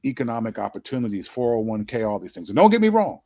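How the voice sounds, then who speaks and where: A man talking straight to the listener in a relaxed personal monologue, his pitch sitting in the middle range. He acts out the voices in his stories with lively swings. The sound is dry and close, with no room in it. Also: racing, vocal fry, hardly any pauses, no room sound. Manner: animated storytelling, acts out quoted dialogue. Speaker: host.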